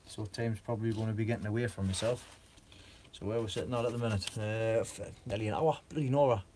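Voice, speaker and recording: A man's voice: lowish voice, fairly even intonation, quick pace, background noise. A man chatting on a gardening live stream, rambling with lots of fillers and frequent giggles. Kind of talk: casual live stream chat.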